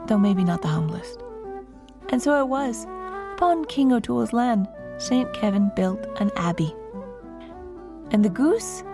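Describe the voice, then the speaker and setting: A woman guest storyteller telling a folk tale to children in an expressive, lilting way, close to the mic. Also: medium pitch.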